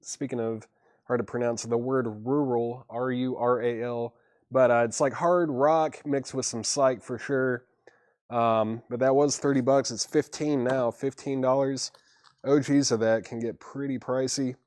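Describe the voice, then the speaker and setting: A relaxed man hosts a live record sale from a shop, calling out albums, prices and buyers in an easygoing way. His voice sits at an ordinary middle pitch. The sound is dry, with no room echo. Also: unhurried. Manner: easygoing, reads prices and buyer names, chuckles at himself. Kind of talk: casual live-stream selling.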